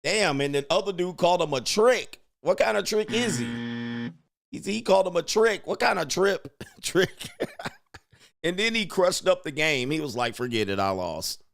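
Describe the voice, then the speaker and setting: A man's voice: fairly high pitch, big pitch swings, moderate pace, creaky. A man, a dating coach host, reacting to a video with mocking commentary and laughing asides.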